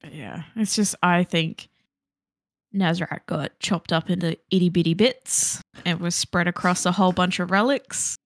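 A woman's voice: on the low side, a little slow, dry recording. A woman co-hosting a gaming podcast in casual, rambling chat, laughing often. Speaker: podcast co-host.

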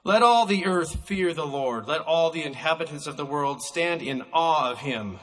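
High, bright-voiced man preaching a sermon. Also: animated, big-room sound. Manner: emphatic, slows down to stress words.

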